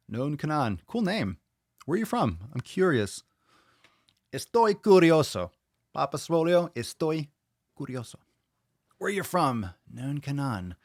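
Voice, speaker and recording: A podcast host with a medium-pitched voice reads viewer comments aloud and reacts, chatting bluntly and casually with free swearing. The audio is studio quality with no room sound.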